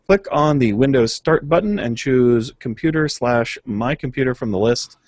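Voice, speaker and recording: A man's voice: mid-range voice, lively intonation, moderate pace, darkish tone, no echo. A man co-hosting a gaming podcast, reading patch notes aloud and chatting casually, with frequent filler uhs and small chuckles. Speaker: podcast co-host.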